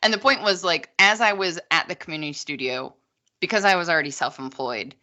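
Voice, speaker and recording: Chatty woman, low bright voice. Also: fairly quick, muffled recording. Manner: long-winded, chatty, many asides. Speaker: podcast guest, potter. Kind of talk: casual chat.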